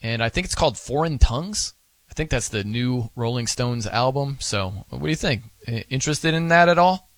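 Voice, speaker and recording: A man's voice: mid-range voice, expressive, moderate pace, a bit bright, no room sound. A man hosting a sports radio show, chatting casually in a rambling, self-amused way. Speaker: fill-in radio host. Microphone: studio microphone.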